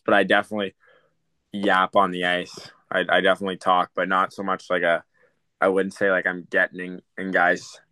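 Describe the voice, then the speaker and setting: A man's voice: sits low, pushed and bright, clear, resonant tone, dry recording. A young man, a hockey prospect, answering interview questions casually, with many fillers and restarts. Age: young adult.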